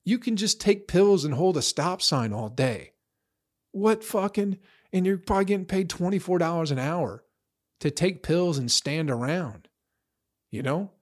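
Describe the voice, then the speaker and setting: A man's voice: high-pitched, expressive, unhurried. Man ranting bluntly, swearing a lot. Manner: blunt, swearing, rambling, says "bro" and "you know". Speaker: vlogger. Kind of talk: profane casual rant.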